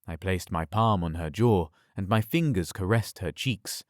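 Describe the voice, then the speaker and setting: A male narrator reading a scripted audiobook with a very deep voice. His telling is measured and even, recorded close and dry with no room around him. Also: dry recording.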